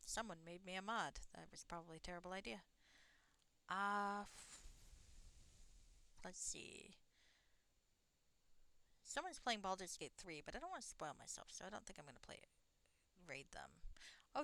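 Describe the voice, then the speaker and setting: A woman's voice: mid-range voice, bright, forceful tone. A woman streaming a game live, chatting casually in a rambling way and swearing now and then. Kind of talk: casual live gameplay commentary.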